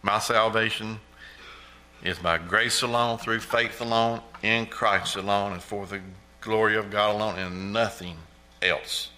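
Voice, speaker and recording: A man's voice: fairly low pitch, fairly even intonation, a little slow, bright, forceful tone, rough recording. A middle-aged man giving an earnest testimony in church, repeating praise often. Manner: earnest, repetitive, exclaims praise. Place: church sanctuary.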